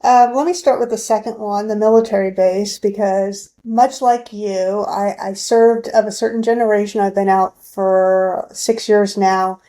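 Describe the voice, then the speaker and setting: A woman speaks as a podcast guest, measured and a little hesitant. Her voice is mellow and warm, at a middle pitch. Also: steady tone. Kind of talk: casual chat.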